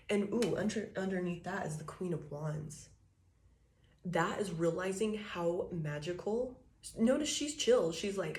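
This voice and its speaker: A woman with a lowish voice reads tarot cards in a casual, rambling way. She swears freely, laughs often and slips into quoted voices as she explains each card. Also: measured pace, darkish tone. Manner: loose and profane, laughs often, acts out quotes. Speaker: tarot reader.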